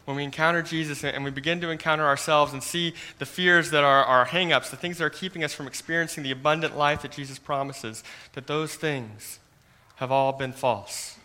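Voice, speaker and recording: A man preaching a sermon in an earnest manner, often dropping to a soft hush and repeating words as he starts phrases. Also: fairly high pitch, fairly even intonation, a little fast. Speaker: pastor.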